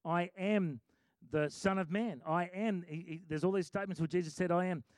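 A man's voice: high-pitched, steady tone, moderate pace, no echo. A middle-aged male pastor preaching a sermon in a chatty, self-amused way, breaking into sung lyrics.

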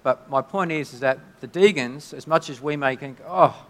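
A man preaching a sermon in a conversational, halting way, often restarting his sentences. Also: medium pitch, fairly bright tone. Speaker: pastor. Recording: long hall reverb.

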